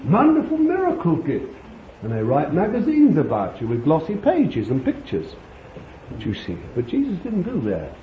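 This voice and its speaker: A man preaching a conversational sermon, rambling warmly with chuckles and fond asides to his listeners. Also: fairly high pitch, huge pitch swings, moderate pace. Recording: dull lo-fi recording with faint hiss.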